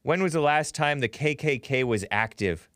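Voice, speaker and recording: A man hosting a call-in livestream show, talking casually and reading viewer comments, often laughing and mimicking quoted people in a higher voice. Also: animated, moderate pace, a bit bright, no room sound, studio quality.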